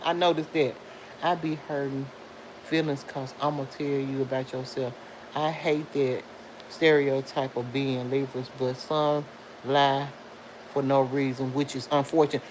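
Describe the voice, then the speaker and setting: A middle-aged woman chats live with her viewers in a lively, sing-song voice that sits a little low. She laughs often and answers commenters directly. A faint hiss of background noise runs under her voice. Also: rough recording. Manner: animated, talks back to commenters, laughs often. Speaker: live stream host. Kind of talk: casual live chat reading comments.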